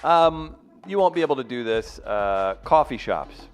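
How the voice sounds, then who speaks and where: A man hosts a loose comedy podcast, his pitch bouncing up and down as he teases his co-hosts. He breaks into laughs and slides into sponsor reads. Soft music plays underneath. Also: lively intonation, unhurried, clean tone. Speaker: podcast host. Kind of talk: casual comedic podcast banter.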